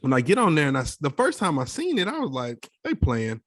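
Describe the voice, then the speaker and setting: A young adult man co-hosting a casual podcast chat, telling a story with animated quoted voices. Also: on the high side, quick pace, dry recording, studio quality. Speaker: podcast co-host.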